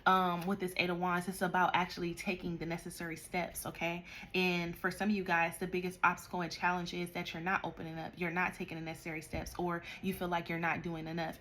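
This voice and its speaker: A woman with a fairly low voice giving a tarot reading, with a faint hiss underneath. She speaks straight to her listener in an animated, no-nonsense way and scolds them when she thinks they need it. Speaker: tarot reader.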